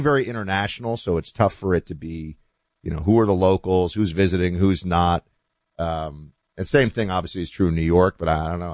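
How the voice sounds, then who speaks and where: A man hosting a talk show, chatting in a loose, animated monologue with asides that trail off quietly. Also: low voice, no echo. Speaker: host.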